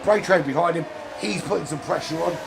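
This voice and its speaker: A man's voice: a little high, a little fast, creaky, background noise. A man doing chatty commentary on an online sim race, with many fillers. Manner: chatty, fillers, rises to excited calls on overtakes. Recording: music bed under the voice.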